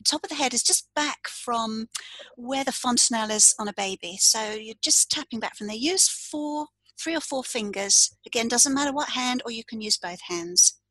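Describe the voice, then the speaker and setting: A woman coach leading a calm, step-by-step tapping demonstration, saying the tapping phrases aloud as she explains each point. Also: fairly high pitch, moderate pace, no room sound, low-quality recording. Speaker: coach and tapping practitioner, podcast guest.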